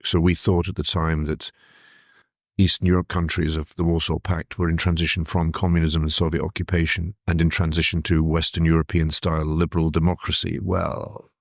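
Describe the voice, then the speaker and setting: Older male journalist guest, very low voice, dry close sound, reflective storyteller. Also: flat delivery, brisk, vocal fry, no room sound. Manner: thoughtful, vivid recollection with hesitant restarts.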